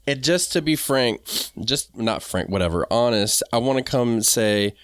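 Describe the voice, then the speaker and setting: A man's voice: mid-range voice, animated, a little slow, dry recording, clean studio sound. A man co-hosting a gardening podcast, joking around while steering the conversation in loose phrasing. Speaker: podcast co-host. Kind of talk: casual gardening chat.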